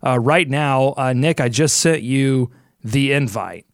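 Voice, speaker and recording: A man's voice: mid-range voice, slow, dry recording. Upbeat male podcast host, dry sound. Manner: upbeat, jokey, thinking aloud while picking. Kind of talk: casual sports podcast chat and ad read.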